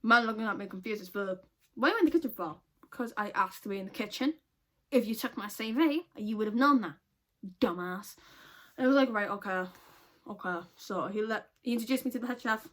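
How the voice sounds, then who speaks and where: A woman's voice: medium pitch, a little fast, fairly bright tone. A young woman, telling a story casually in a profane, exasperated way. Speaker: vlogger.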